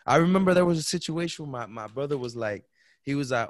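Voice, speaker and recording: A man's voice: mid-range voice, lively intonation, fast, no room sound, studio quality. A man co-hosting a podcast, telling stories in slangy, easygoing casual chat. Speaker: podcast co-host.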